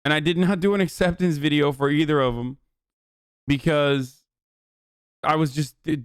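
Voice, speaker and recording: Smooth-voiced streamer man, dry and close. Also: on the high side, fairly even intonation, normal speed, no room sound. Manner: loose, profane, rambling asides to chat. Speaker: streamer host. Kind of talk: casual live-stream chat.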